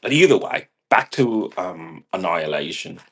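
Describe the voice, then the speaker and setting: A man's voice: low voice, very animated, moderate pace, slightly rough. A man rambling casually in a monologue, swearing and laughing at his own jokes. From half British. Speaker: vlogger.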